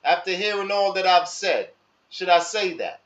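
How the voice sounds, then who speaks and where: A man talking casually and slowly to his live audience in street slang, asking viewers for their advice. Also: sits high, expressive, fairly bright tone. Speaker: live stream host. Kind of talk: casual monologue to live chat. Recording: echoey room, dull lo-fi sound.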